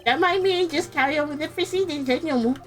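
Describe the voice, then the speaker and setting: A woman's voice: high-pitched, quick pace, faint music behind, pitched above the performer's own voice, lightly acted. A woman voicing a flustered elderly male judge in a video game, fussy and stammering.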